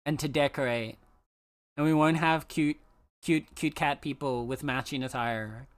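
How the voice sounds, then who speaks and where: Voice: medium pitch, fairly even intonation, measured pace. A live streamer chatting casually with viewers, playful and teasing, with mock-dramatic complaints. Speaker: live streamer talking to chat.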